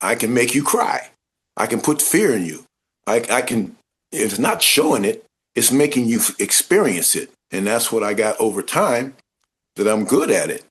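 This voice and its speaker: A man of middling pitch swaps into other people's voices as he tells his stories. His speech is informal, with dropped grammar, and he talks in an easygoing, animated way. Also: moderate pace. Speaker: interview guest, former football player turned actor. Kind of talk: casual anecdotal storytelling.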